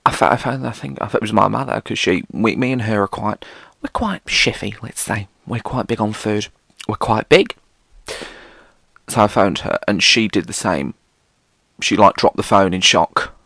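A man's voice: on the low side, normal speed, gravelly, a bit bright, no room sound. A British man hosting a solo podcast, rambling casually and theatrically, swearing often. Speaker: podcast host.

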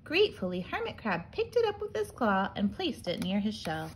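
A preschool teacher reading a picture book aloud to children in a gentle, animated storytelling manner. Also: female voice, mid-range voice, normal speed, a little hiss or hum.

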